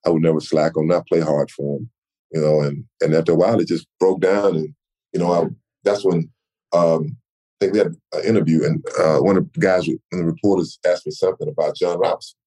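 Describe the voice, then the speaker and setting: A man from Texas in his sixties, a retired football player telling animated stories in an interview. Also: sits low, fairly quick. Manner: animated storyteller, acts out quoted voices. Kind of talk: storytelling interview.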